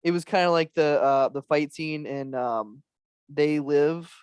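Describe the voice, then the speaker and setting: A man chatting as a podcast guest, swearing freely, laughing often and dropping into quick impressions. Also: on the high side, clear, resonant tone, no echo. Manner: profane, laughs a lot, does impressions. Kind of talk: casual chat.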